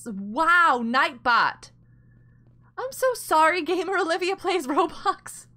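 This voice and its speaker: A woman chats on a live stream as she plays a block game, giggling and cheering her friends on. Her voice sits high and leaps around, with a bright, sharp edge. Faint music plays behind her. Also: lively intonation, slow pace. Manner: chatty, giggly, encouraging. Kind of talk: casual live-stream chat.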